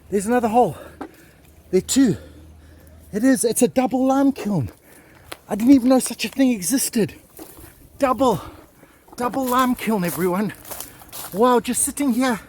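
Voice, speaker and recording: Excitable high-voiced man vlogging outdoors. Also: slight background noise. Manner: excitable, keeps exclaiming and repeating himself. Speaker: vlog host exploring ruins. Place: outdoors at old stone ruins in the countryside. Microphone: handheld camera mic.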